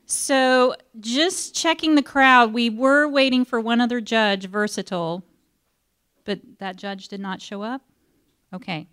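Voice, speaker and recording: A woman's voice: fairly high pitch, a little slow, a bit bright, clear, resonant tone. A woman emceeing a school poetry slam, teary and emotional, making rambling announcements with restarts. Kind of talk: emceeing a live event. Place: school library event.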